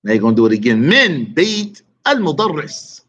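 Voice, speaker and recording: Male Arabic tutor, online class, quizzes and praises, casual slangy asides; a touch high, muffled lo-fi sound. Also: sing-song, moderate pace, fairly bright tone. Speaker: Arabic teacher. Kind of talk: online Arabic grammar lesson.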